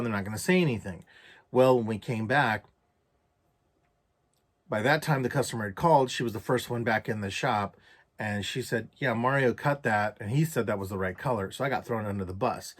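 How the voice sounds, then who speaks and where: A man vlogging a casual story, swearing a lot and loudly acting out his own past rants. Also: mid-range voice. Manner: profane, animated, acts out quoted rants loudly.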